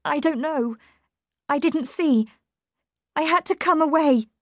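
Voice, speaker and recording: A woman reading a storybook, voicing a shaken, frightened young woman with a high, tense, pleading voice. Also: fairly even intonation, takes it slowly, dark tone, dry recording, clean studio sound.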